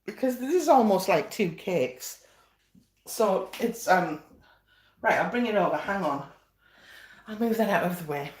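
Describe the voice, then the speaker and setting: A woman's voice: medium pitch, expressive, unhurried, pauses often. A woman hosting a casual live stream as a home baker, chatting in a friendly, self-deprecating way as she shows her work. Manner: chatty, self-deprecating, restarts and fillers while fetching things. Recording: echoey room.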